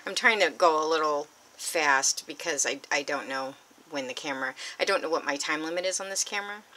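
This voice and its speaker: Excitable woman crafter, bright, lowish voice, gushes and whispers. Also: brisk. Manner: gushing, excitable, drifts into breathy whispers. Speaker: crafting vlogger. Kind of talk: unboxing vlog.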